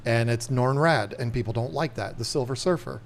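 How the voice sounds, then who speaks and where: A man's voice: medium pitch, normal speed, gravelly, slight background noise. Chatty man hosting a livestream. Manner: chatty, rambling, talks to camera and chat. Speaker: livestream host. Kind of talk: casual livestream chat.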